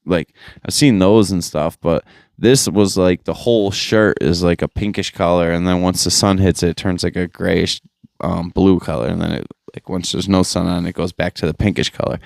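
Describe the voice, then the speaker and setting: A man hosts a podcast in a slangy, loose and profane chat, talking straight into a podcast microphone. His voice sits fairly low and comes through smooth and clean. The sound is close and dry. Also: fairly even intonation, normal speed, no echo. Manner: laid-back and profane, full of slang and fillers. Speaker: podcast host. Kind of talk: casual chat.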